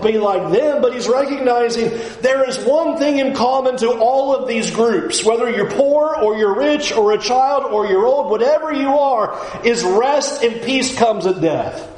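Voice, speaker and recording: A man teaching through a Bible passage in an earnest way, dropping low and soft when he quotes scripture. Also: echoey room, rough recording. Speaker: preacher.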